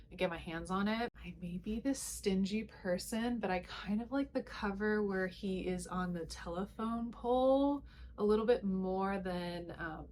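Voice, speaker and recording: Young woman rambling about her book finds, lots of "like" and "you know", faint hiss behind. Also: on the low side. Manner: chatty, lots of fillers and "if you will". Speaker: booktuber. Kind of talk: casual vlog chat.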